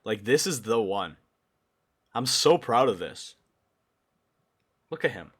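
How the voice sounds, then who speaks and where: Excitable young man streaming, lively pitch. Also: slow pace. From Brazil. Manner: excitable, swings between loud outbursts and low mumbling. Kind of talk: casual livestream chat.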